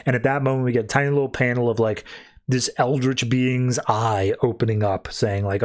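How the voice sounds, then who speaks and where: Recapping comics casually on his podcast, this man chats along with lots of filler words. He speaks in a mid-range voice at normal speed.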